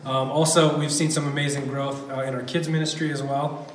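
A man's voice: fairly high pitch, level tone, fairly quick, slight background noise. A man gives an enthusiastic, filler-heavy church update. He is picked up from a distance in a roomy, echoing hall with faint ambience behind. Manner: casual, enthusiastic, many fillers. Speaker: campus pastor. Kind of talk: church report. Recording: echoey room from a distance.

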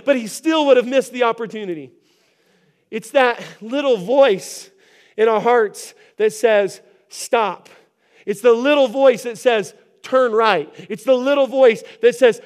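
High, smooth-voiced preacher. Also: male voice. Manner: earnest preaching, repeats phrases, rises to shouts. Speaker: pastor. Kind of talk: sermon.

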